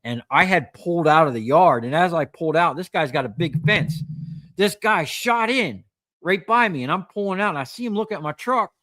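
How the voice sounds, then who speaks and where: A man's voice: fairly high pitch, animated, normal speed, fairly bright tone, dry recording, studio quality. Chatty man telling shop stories. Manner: rambling anecdotes full of "you know" and quoted dialogue. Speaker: scrap metal recycler and livestreamer. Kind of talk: casual storytelling on a livestream.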